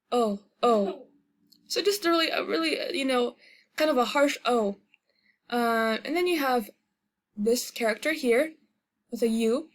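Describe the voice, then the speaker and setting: A woman with a slightly high voice talks through a casual video lesson in a relaxed way. She hesitates often, fills gaps with ums, and repeats sounds slowly as she demonstrates them. She is a native English speaker. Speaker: language tutorial host.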